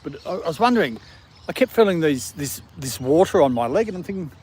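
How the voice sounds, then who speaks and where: A man from a country town with an Australian accent, hosting a casual outdoor livestream with his dog. He talks in a relaxed, rambling way and chuckles often. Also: on the high side, a little slow, long pauses, noisy background. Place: outdoors in a city park in the evening.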